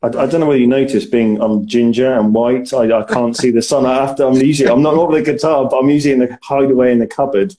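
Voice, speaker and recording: A man from southern England hosts a casual interview over a video call. His voice is warm and mellow, and his tone is upbeat. He laughs often and stammers now and then. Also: mid-range voice, fairly even intonation, fast, hardly any pauses, a little hiss or hum. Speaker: interview host.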